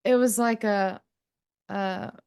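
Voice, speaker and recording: A woman hosting a relaxed spiritual conversation, mostly listening. She affirms her guest with brief agreements and gentle questions. Her pitch sits in the middle range for a woman. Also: takes it slowly, clean tone. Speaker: host. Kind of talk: casual spiritual chat.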